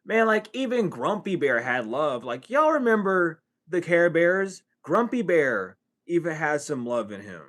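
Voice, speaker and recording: Brief: streetwise man, casual profane spiritual rant, slightly high voice. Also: big pitch swings, measured pace, hardly any pauses, fairly bright tone. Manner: swings from low mutter to high exclaims. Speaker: spiritual reader.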